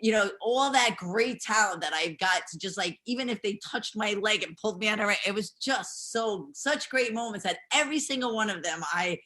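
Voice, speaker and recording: A woman's voice: medium pitch, brisk, hardly any pauses, pushed and bright. A woman being interviewed, chatting in a bubbly, rambling way and laughing often. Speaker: interview guest, pro wrestler. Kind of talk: casual interview chat.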